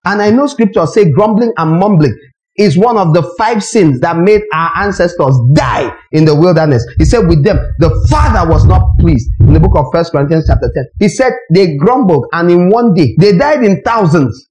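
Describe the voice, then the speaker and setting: Animated high-voiced preacher. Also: male voice, normal speed, rough recording. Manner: animated, emphatic, full of rhetorical questions. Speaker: pastor. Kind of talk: sermon.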